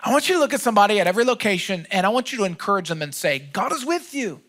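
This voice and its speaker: A man's voice: high voice, animated, racing, fairly bright tone. A man preaching a sermon as pastor, telling stories in a conversational, joking way.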